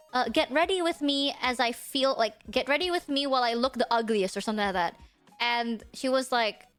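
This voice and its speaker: Young female streamer, high bright voice, animated rambling chat, faint music underneath. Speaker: VTuber streamer. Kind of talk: casual livestream chat.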